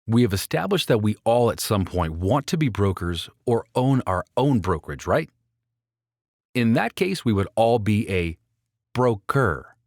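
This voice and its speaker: A man's voice: fairly low pitch, expressive, moderate pace, hardly any pauses, a little mellow, no room sound, studio quality. A man reading his own book aloud as an audiobook, persuasive and speaking straight to the listener. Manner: persuasive, addresses the listener directly. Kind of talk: audiobook narration.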